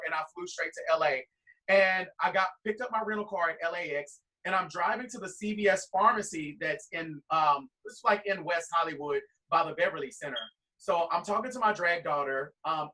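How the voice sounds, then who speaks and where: A drag performer guest telling a long, rambling anecdote full of quoted dialogue. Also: male voice, sits high, bright, forceful tone, distant mic, low-quality recording. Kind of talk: animated storytelling.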